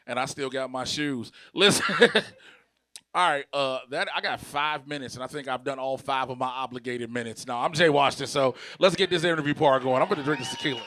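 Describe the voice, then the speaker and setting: Brash, bright-voiced male stand-up comic. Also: mid-range voice, normal speed, no room sound. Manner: brash, profane storytelling with shouted punchlines. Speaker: stand-up comedian. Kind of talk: stand-up comedy set. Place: comedy club stage.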